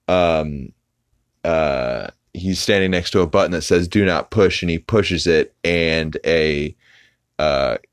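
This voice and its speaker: A man's voice: rumbling low, clear, resonant tone. A man hosting a podcast, casually recapping an episode in a rambling way full of fillers and restarts. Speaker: podcast host.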